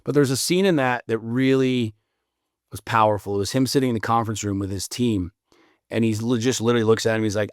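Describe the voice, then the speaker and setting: A man's voice: medium pitch, fairly quick, no room sound, studio quality. A man appearing as a podcast guest, telling stories bluntly and profanely in a casual conversation. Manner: animated storyteller, blunt and profane.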